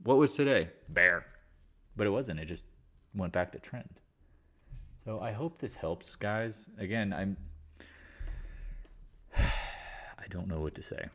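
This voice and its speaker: A man's voice: lowish voice, slow pace, pauses often, fairly bright tone. A man hosting a casual live market chat, talking in a blunt, rambling and exasperated way. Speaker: market commentary host.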